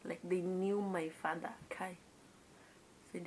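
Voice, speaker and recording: A woman's voice: mid-range voice, normal speed, slight background noise. A young Kenyan woman with a Kenyan accent telling a childhood story to her viewers in a casual, confiding way, dropping in Swahili words and frequent exclamations. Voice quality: mixes in Swahili words and exclaims "kai" often. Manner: confiding, chatty retelling to viewers. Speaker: vlogger.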